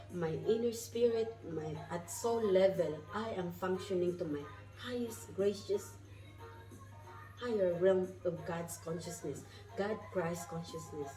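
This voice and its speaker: Woman, spiritual travel vlog, effusive, mellow, roomy echo. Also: medium pitch, recorded from a distance. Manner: effusive, repeats questions to viewers. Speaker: vlogger. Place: inside a moving car.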